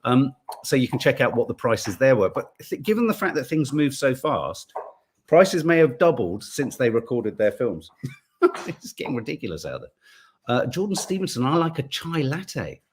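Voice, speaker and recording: Lively chatty man hosting. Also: mid-range voice, normal speed, a little hiss or hum. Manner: chatty, rambling, playful. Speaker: live show host. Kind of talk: casual chat reading viewer comments.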